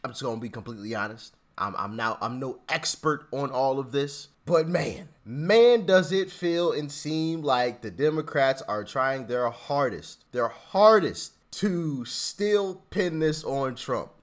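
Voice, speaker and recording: A man hosting a casual political commentary vlog, animated and repetitive, laughing and mocking as he talks. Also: medium pitch, measured pace, hardly any pauses. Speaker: channel host.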